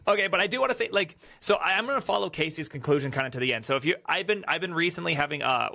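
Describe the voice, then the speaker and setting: A man co-hosting a casual panel chat, telling a long, excitable, rambling story. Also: medium pitch, gravelly. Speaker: podcast co-host.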